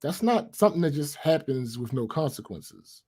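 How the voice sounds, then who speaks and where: A man's voice: a little high, sing-song, normal speed, dark tone, breathy edge. Man reasoning aloud on a podcast. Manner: thinks aloud, restarts and reasons step by step. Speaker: podcast co-host. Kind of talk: casual chat.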